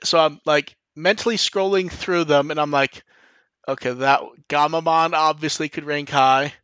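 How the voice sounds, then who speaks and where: A man's voice: a little high, steady tone, normal speed, fairly bright tone, smooth, dry recording. A man hosting a podcast in loose casual chat, full of "like", restarts and the odd swear. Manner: rambling, frequent 'like' and restarts, swears casually. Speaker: podcast host.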